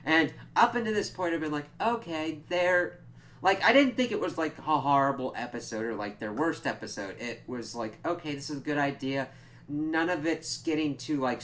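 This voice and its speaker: A man's voice: mid-range voice, fairly bright tone, slight background noise. A young man casually reviewing a TV episode, rambling and swearing freely as he acts out bits of dialogue. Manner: rambling and profane, acts out quoted lines.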